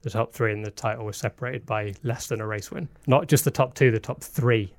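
A man's voice: mid-range voice, fairly quick, dry recording, clean studio sound. A man co-hosting a casual podcast chat, explaining details at length with a self-mocking streak. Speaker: podcast co-host.

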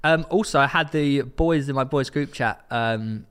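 A man's voice: medium pitch, unhurried, fairly bright tone, clean tone. A man co-hosting a casual football podcast, reading out listener stories and running a quiz. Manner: reads listener stories and runs a quiz, laughing often. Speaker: podcast co-host.

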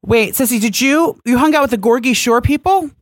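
A man's voice: very high voice, fairly quick, dry recording. A man co-hosting a podcast from a studio, chatting in a campy, teasing, mock-pompous way. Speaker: podcast co-host. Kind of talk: casual chat.

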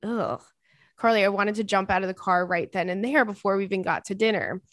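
A woman podcast host reading a listener's email aloud in casual chat, expressive and dramatic with exasperated asides. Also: mid-range voice, a little fast, no echo, clean studio sound.

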